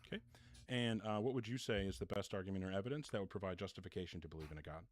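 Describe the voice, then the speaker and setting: A man's voice: low-pitched, very fast. A man hosting a live call-in debate stream, bluntly questioning callers and restating their premises.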